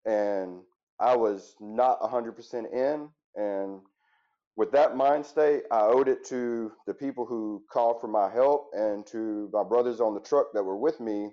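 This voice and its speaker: A man's voice: on the low side, unhurried, warm tone, muffled recording. A man in his thirties, a former firefighter, telling his story in an interview in an earnest, reflective way. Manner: earnest and reflective, with frequent restarts. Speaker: interview guest, former firefighter turned business owner.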